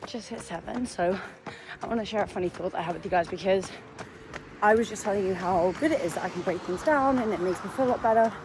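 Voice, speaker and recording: A young woman talks to her camera while she runs outdoors. Her voice sits in a middle pitch, and she sounds out of breath and worn out as she chats and coaches herself along. Outdoor noise is clearly audible behind her. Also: quick pace. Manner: chatty, self-talk while running, often breathless and weary. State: out of breath, exhausted. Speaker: vlogger. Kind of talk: running vlog, talking to camera. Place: outdoors, on a run. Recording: noisy outdoor ambience.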